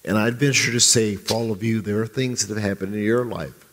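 Deep husky man preaching in a hall. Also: steady tone, fairly bright tone. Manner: halting, conversational, many restarts. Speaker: pastor. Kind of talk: casual sermon. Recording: echoey hall.

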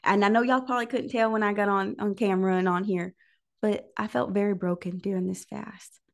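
Woman, devotional preaching, emotional, near tears, frequent pauses, mid-pitched, vocal fry. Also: steady tone. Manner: pausing often to listen and think. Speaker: host of a prayer call livestream. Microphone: livestream microphone.

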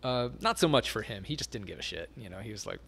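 A man's voice: lowish voice, animated, fast, creaky, pushed and bright, slightly rough. Rambling, laughing male interview guest. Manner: rambling, filler-heavy, laughs often. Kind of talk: casual storytelling interview.

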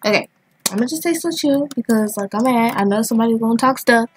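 A woman who chatters excitedly over her own gameplay, thinking out loud as the round goes on. Her voice sits fairly high and has a breathy, slightly husky edge. Faint game music plays underneath. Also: quick pace. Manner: excitable, chatty, thinks aloud while playing. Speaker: gaming channel host. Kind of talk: casual gameplay commentary.

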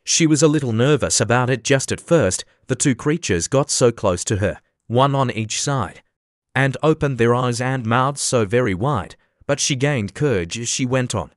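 A man narrates an audiobook from a script in a measured, even storytelling voice of medium pitch. The recording is studio quality with no echo.

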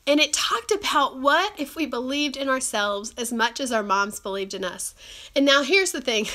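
A woman's voice: sits high, lively intonation, normal speed, sharp tone. A woman with a cold hosting a live stream, talking earnestly and chattily with many fillers. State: has a cold. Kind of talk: encouraging live-stream talk. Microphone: phone or webcam live stream.

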